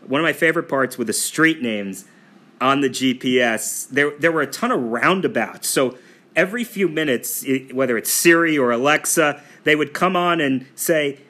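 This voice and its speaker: Casual podcast co-host, male, bright and chatty, loose delivery with fillers. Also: mid-range voice, moderate pace. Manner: relaxed, chatty storyteller with frequent fillers. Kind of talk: casual travel podcast chat.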